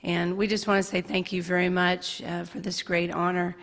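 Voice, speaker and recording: A middle-aged woman speaks at an induction ceremony in a sincere, measured way. Her voice is low and gravelly, and it stays fairly level. The hall gives it a long reverb. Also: flat delivery, a bit bright. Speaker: daughter giving a family tribute.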